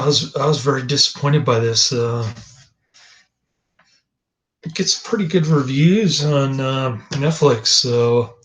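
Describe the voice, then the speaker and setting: Guy rambling slowly thru a movie review, lots of uhs, kinda dry and dismissive. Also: mid-range voice, low-quality recording. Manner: rambling, hesitant, many fillers and restarts. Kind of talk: casual spoken movie review.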